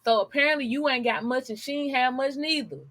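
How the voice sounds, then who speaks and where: Woman vlogger, sassy and blunt, bright voice, dry close sound. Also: high-pitched, quick pace, no echo. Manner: sassy, blunt, talks straight to viewers. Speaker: news commentary vlogger. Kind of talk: casual commentary reading news articles aloud.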